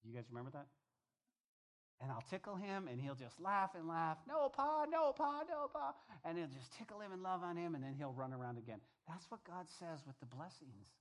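A man's voice: on the high side, expressive, a little fast. An older man preaching a sermon, reading scripture aloud and breaking off into conversational asides and stories for his congregation. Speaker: pastor.

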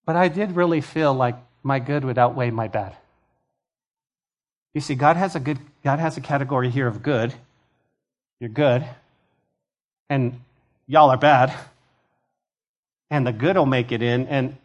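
A man preaching a conversational sermon as pastor of a church, acting out quoted voices with lively energy. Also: mid-range voice, moderate pace, pauses often. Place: church sanctuary.

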